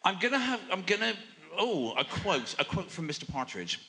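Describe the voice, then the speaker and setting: Bright-voiced male host, chatty, heard in a reverberant hall. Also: high-pitched, sing-song, moderate pace. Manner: chatty, self-deprecating. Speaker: interviewer. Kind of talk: live on-stage interview.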